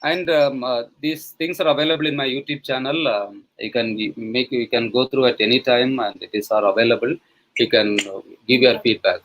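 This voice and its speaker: Indian man giving a halting webinar demo. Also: mid-range voice, fairly even intonation, a bit bright, slight background noise, low-quality recording. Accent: Indian English. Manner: halting, many fillers and restarts. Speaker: webinar resource person, professor. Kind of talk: live online teaching demonstration. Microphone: computer mic on a video call.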